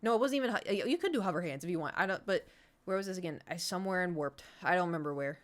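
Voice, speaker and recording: A woman's voice: lowish voice, animated, very fast. A woman streamer telling a story in casual, rambling chat, full of fillers and restarts. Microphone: streaming setup.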